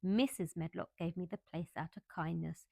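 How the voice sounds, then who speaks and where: A woman's voice: fairly low pitch, fairly even intonation, normal speed, gravelly, warm tone, dry recording. Woman voicing a Yorkshire housemaid girl, broad and blunt, chatty, storybook reading, dry close sound. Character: sturdy cheerful Yorkshire housemaid girl, talkative.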